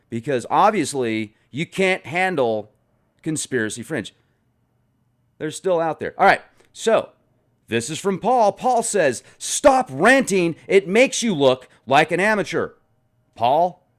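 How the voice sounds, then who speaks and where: A man hosting a comedic vlog from his garage, reading viewer comments in a playful, sarcastic manner. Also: on the high side. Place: home garage.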